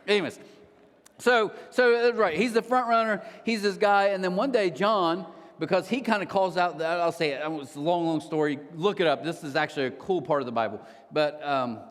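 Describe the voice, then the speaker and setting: A man preaching a sermon as a pastor, telling a story casually with lively asides. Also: a little high. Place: church auditorium. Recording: long hall reverb of a church auditorium.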